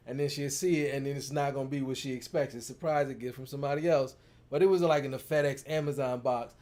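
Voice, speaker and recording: A man with a mid-range, darkish voice co-hosts alongside his partner, the coach, in a casual, playful chat. He tells stories and acts out quotes.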